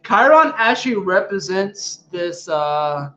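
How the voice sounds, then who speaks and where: High-voiced, swearing male astrology vlogger. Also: slow pace, muffled recording. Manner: animated, emphatic, frequently profane. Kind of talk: casual spiritual chat to viewers.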